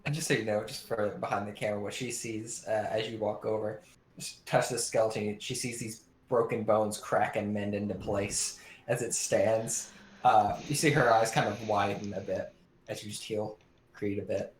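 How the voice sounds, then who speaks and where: A man's voice: fairly low pitch, steady tone, normal speed. A man narrating as game master in a tabletop game, talking in a rambling, hesitant way with many fillers. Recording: echoey room with faint noise.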